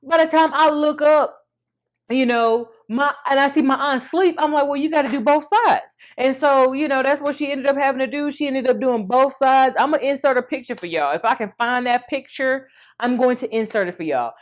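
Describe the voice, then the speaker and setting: A woman in her thirties tells her own story to the camera in a loose, animated way, calling out to her viewers. Her voice sits a little high, and she keeps it chatty and personal even when the subject turns heavy. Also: normal speed. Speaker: vlogger.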